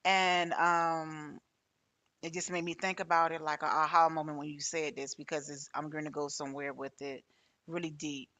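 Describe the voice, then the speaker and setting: A woman's voice: low voice, flat delivery, moderate pace, pushed and bright. A woman hosting a podcast interview, talking casually and hesitantly, with many restarts as she tells a personal story. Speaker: podcast host.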